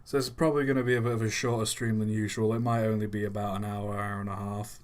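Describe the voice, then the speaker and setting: A man's voice: on the low side, little pitch movement, fast. A man hosting a live stream in a casual, chatty way, reading out viewers' messages and answering them offhandedly.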